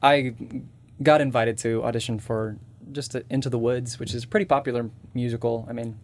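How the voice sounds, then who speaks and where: A man's voice: mid-range voice, steady tone, fairly quick, a little hiss or hum. A man with a slightly nasal voice, a voice actor and impressionist guest explaining his techniques step by step in casual interview chat.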